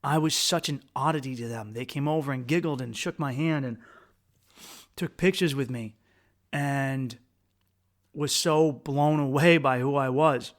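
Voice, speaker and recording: A man from the United States hosting a podcast, telling a travel story in a rambling, crude, self-mocking way with quick restarts. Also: medium pitch. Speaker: podcast host. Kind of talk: casual storytelling monologue.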